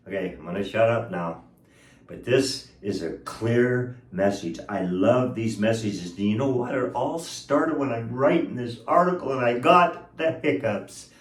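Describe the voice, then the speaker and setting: A man's voice: lowish voice, animated, a little slow, recorded from a distance. Emphatic man preaching in an echoey room. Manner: emotional, emphatic preaching with stretched-out words and chuckles. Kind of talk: sermon.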